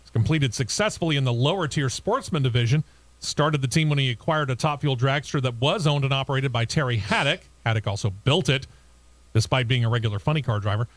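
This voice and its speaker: A man's voice: medium pitch, fairly quick, no echo. A man hosting a racing talk show, reading motorsport news and bantering with his co-hosts. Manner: reads news items then chats and laughs with co-hosts.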